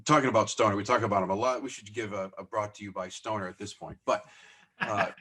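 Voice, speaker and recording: A man with a fairly low voice chats as a podcast guest, telling stories about his own business. He is animated and self-deprecating, and he acts out the dialogue in his stories. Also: fast. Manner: self-deprecating, laughs as he talks. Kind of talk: casual storytelling interview.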